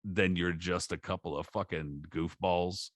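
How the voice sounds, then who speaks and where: Low-voiced male podcast co-host, dry close mic, swears freely while telling stories. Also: measured pace, dry recording. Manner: profane, animated storytelling with acted quotes. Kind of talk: casual chat.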